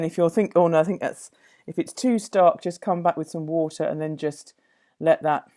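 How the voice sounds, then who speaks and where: A woman demonstrating a watercolour painting, musing aloud as she works, with many pauses and self-corrections. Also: sits low, warm tone. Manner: thoughtful, musing, full of fillers and self-corrections. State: slightly out of breath at times. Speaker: art teacher.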